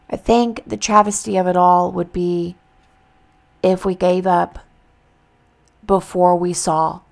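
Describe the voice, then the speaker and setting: A woman's voice: fairly low pitch, gravelly. A woman hosting a podcast, giving earnest, faith-filled encouragement in a motivational talk. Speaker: podcast host.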